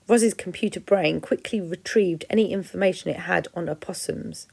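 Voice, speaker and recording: A teacher from England reading a children's story aloud with expression. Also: female voice, fairly low pitch, moderate pace, creaky, hardly any pauses, a little mellow.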